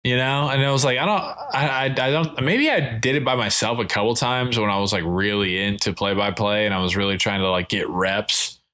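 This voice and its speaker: Bright-voiced man chatting casually. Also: lowish voice, fairly quick, few pauses. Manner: relaxed, rambling with self-conscious laughs. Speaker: podcast co-host. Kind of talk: casual chat.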